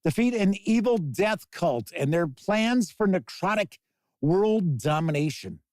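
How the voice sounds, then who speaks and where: Reading tabletop gaming news on a live stream, a man riffs on each item and responds to chat in a chatty manner. He has a high, expressive, slightly mellow voice, a measured pace, and a recording without echo.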